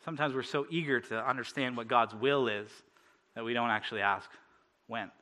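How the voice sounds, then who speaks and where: A man's voice: medium pitch, fairly quick, sharp tone. A man from Canada preaching a sermon, telling personal stories in a casual way with many fillers and frequent laughter.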